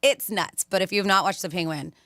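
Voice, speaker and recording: A woman hosting a radio talk show, chatting in a lively way and laughing often, recorded on a studio microphone. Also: mid-range voice, a little fast, no room sound. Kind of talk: casual radio chat.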